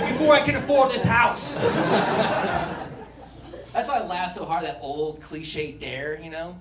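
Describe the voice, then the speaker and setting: A man in his forties doing a stand-up set, jumping into quick character voices as he talks. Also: high-pitched, expressive. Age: 40s. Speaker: stand-up comedian. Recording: roomy club sound from a distant mic, loud crowd noise.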